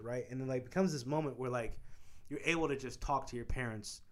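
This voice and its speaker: A man's voice: medium pitch, brisk. Swearing, jokey man hosting a podcast. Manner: swearing, jokey, mimics voices. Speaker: podcast host. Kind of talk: casual podcast chat.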